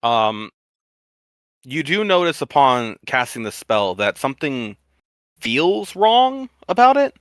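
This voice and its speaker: A man running a tabletop game as game master, describing the scene in a halting, unhurried way with frequent restarts. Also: medium pitch, very animated, clean tone, no echo.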